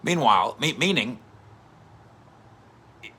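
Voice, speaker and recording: Male sports columnist, 50s, chatty storyteller, bright forceful tone. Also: fairly low pitch, moderate pace, long pauses. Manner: chatty, animated storytelling with fillers. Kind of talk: casual commentary to camera.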